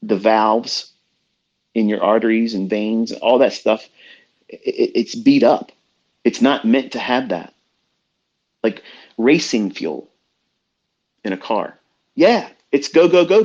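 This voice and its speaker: Heated, foul-mouthed middle-aged male trading mentor, lowish voice, muffled lo-fi stream. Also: slow, pauses often, a little mellow. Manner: blunt, profane, heated. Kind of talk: ranting motivational talk. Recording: dull lo-fi online audio room.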